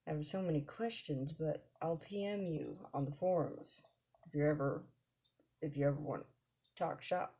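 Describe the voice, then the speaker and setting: A woman's voice: sits low, moderate pace, mellow. A woman reading the lines of an eager adult male wrestling fan in a dating game, gushing. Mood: starstruck.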